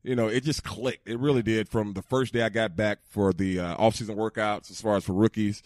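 A man in his forties from Georgia, a former football player telling stories in casual chat, animated and fond of acting out quoted people in a higher voice. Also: a little fast, no room sound, clean studio sound. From Georgia, USA. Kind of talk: casual storytelling.

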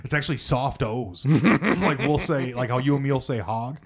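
A man's voice: mid-range voice, husky. A man co-hosting a podcast, joking and swearing freely in casual chat. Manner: profane, joking, quick to laugh. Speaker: podcast co-host.

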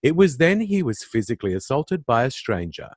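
A man's voice: mid-range voice, sing-song, brisk, no echo, clean studio sound. Man hosting an interview podcast. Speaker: podcast host.

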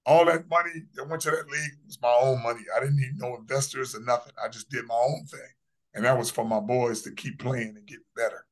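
A man's voice: medium pitch, steady tone, brisk. A man in his fifties talking as a guest in a casual interview, brash and boastful, with emphatic delivery. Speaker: podcast guest.

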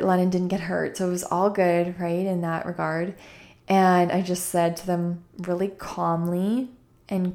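A woman in her thirties hosting a wellness podcast, talking casually with lots of "like" and "right?", slightly croaky after a run. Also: lowish voice, a little mellow. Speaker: podcast host.

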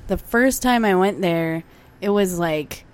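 Deadpan woman in casual podcast chat. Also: lowish voice, slow pace, clear, resonant tone. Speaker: podcast co-host.

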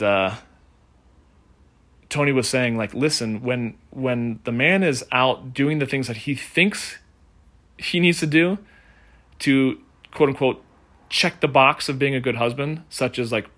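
A man's voice: mid-range voice, fairly bright tone. A man hosting a podcast, telling a story in a casual, rambling way with many fillers. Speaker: podcast host. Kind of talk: storytelling monologue.

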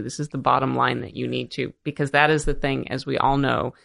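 A man's voice: mid-range voice, level tone, a little fast, creaky, hardly any pauses, a bit bright. A man hosting a business interview podcast, courteous as he sums up and thanks his guest. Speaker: podcast host.

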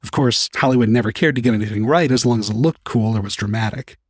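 A man narrating a first-person story as an audiobook reader, calm and even. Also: mid-range voice, fast talker, husky, no echo, clean studio sound.

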